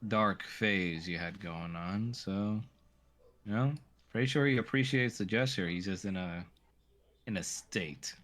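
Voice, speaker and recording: Man playing a gentle woman, slow, hushed, lowish voice. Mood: reassuring. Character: gentle, soothing adult woman.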